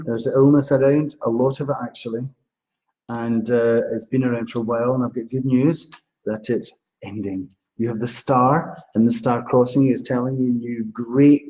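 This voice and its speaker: A warm, medium-pitched male voice hosts a live stream as a psychic astrologer. He does card readings and chats with viewers, greeting each by name, over dull lo-fi stream audio.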